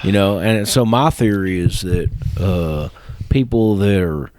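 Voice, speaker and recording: A man's voice: sits low, unhurried, darkish tone. A man hosting a comedy podcast in casual chat, rambling and profane with many restarts. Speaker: podcast host.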